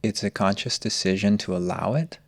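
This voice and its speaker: A man's voice: on the low side, no room sound. A man telling his personal story as a podcast guest, earnest and searching. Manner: earnest, open, slow and searching.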